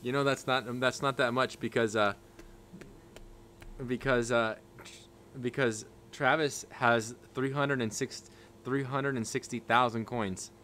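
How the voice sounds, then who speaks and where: A man's voice: medium pitch, fairly even intonation, a little slow, fairly bright tone, a little hiss or hum. A man hosting a casual livestream from a room at home on a desk microphone, rambling with restarts and thanking viewers by name. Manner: rambling, with many restarts and fillers. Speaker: livestream host. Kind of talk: casual live-stream chat. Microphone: desk microphone with a level meter.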